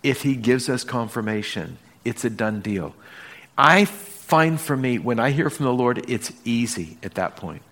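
A man's voice: mid-range voice, animated, a little slow, a bit bright. Man preaching a storytelling sermon. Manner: storytelling with acted-out dialogue, varied emphasis. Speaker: pastor.

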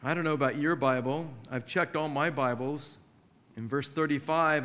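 A man's voice: a little high, steady tone, moderate pace, a bit bright, in a large hall. Conversational male preacher. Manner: conversational preaching, acts out scripture quotes. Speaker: pastor. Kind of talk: sermon.

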